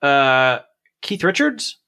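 An easygoing man chats about movies with a co-host, his voice bright and forceful. He drops wry asides in a relaxed, conversational way. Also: mid-range voice, takes it slowly, smooth. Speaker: podcast co-host reviewing movies. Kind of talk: casual chat.

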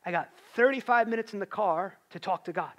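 A man's voice: high voice, fairly quick, a bit bright. A man preaching a sermon in a conversational way, rising to emphatic peaks.

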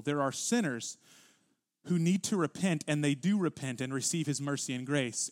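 A male pastor delivering a sermon in a fairly high voice. He reads scripture slowly and with weight, then presses his points with rising force. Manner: emphatic, grows louder and higher when stressing a point.

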